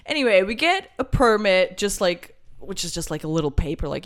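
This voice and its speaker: A young British woman telling a casual travel anecdote, acting out what each person said in lively voices. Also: lowish voice, normal speed, few pauses. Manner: animated storyteller who acts out quoted voices. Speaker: guest telling a travel story.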